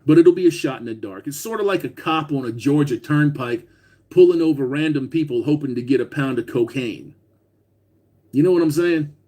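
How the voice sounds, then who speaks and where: A man's voice: on the high side, moderate pace, warm tone. A man hosting a casual livestream, talking bluntly with lots of swearing and reading out viewer comments as he goes. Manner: profane, blunt, reads viewer comments aloud. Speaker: livestream host.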